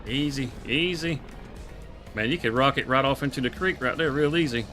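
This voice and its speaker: A man's voice: medium pitch, normal speed, pushed and bright, faint music behind. A man, streaming a farming game and chatting casually with laughs and country phrasing. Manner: laid-back, laughing, drawling country talk. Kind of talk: casual live gameplay chat.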